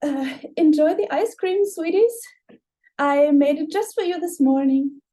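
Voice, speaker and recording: A woman plays a hostile suburban hostess with a raised, mellow voice, alternating between contempt and syrupy politeness. She sounds like a tabletop game character spoken aloud at the table. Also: high voice, measured pace, voice pushed up. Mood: saccharine. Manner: sneering, then sickly-sweet. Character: passive-aggressive hostess, adult woman, snaps then turns sugary.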